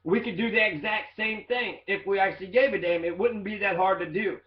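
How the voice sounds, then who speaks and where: A man with a fairly high voice talks casually, rambling and sprinkling in fillers and swearing. His voice bounces around an echoey room, and the recording sounds slightly dull and muffled. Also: a little fast. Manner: loose, profane, rambling with fillers. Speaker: teacher in training. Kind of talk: casual monologue reading quotes.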